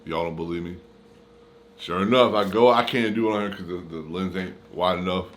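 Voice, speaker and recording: A man with a somewhat low-pitched voice tells a personal story straight to his camera. His talk is casual and full of slang. He acts out the dialogue of the people in the story as he goes. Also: brisk. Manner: slangy, animated retelling with quoted dialogue. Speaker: YouTuber telling a story. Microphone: camera mic.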